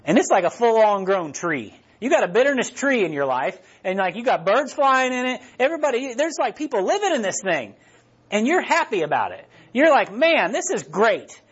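A man's voice: very high-pitched, very animated, fairly quick, breathy edge, highs cut off. A man, a pastor giving a sermon in a conversational way, often restarting his sentences. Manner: conversational preaching with frequent restarts.

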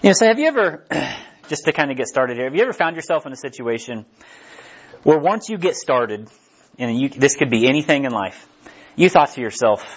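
A man's voice: medium pitch, big pitch swings, a little fast, slightly rough. A man preaching in a chatty, conversational sermon style, poking fun at himself and putting questions to his listeners. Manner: chatty, self-deprecating, asks the audience questions. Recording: dull lo-fi recording.

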